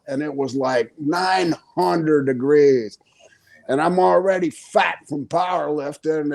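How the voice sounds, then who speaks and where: An older man who is a guest on an interview podcast, telling stories in a casual, animated way, chuckling often and acting out the quoted voices. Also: on the high side. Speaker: interview guest, retired pro wrestler.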